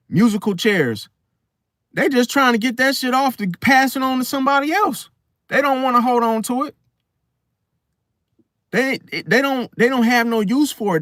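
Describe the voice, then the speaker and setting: A man hosts an astrology video, speaking casually to camera with slangy tangents and many restarts. The pitch sits fairly high for a man and the tone is a bit bright. It's recorded close and dry, with no echo or room sound.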